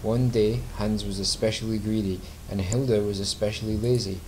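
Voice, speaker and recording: Brief: a man as a slow, soft-spoken bedtime story narrator on a tape, lowish voice, faint hiss underneath. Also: fairly even intonation, close to an everyday voice, poor audio. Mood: calm. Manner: slow, hushed storybook reading.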